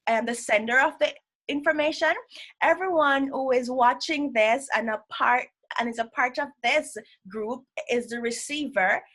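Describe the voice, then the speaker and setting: A woman's voice: on the high side, a bit bright. A woman presenting an educational session, explaining ideas step by step and checking in with "right?". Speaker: workshop presenter.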